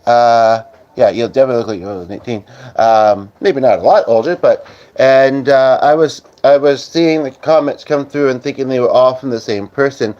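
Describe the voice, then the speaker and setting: On a laid-back live-stream chat, a man from Canada reads out viewers' comments, rambling and filling pauses as he goes. His voice is medium-pitched and a little mellow, captured on slightly dull lo-fi audio.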